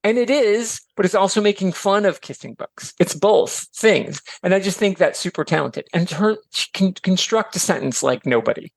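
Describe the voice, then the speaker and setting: A middle-aged man from Michigan chatting as a podcast guest, animated and filler-heavy, slipping into voices for quotes. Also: sits high, moderate pace, gravelly, few pauses, dry recording. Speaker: podcast guest, author and educator. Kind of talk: casual chat.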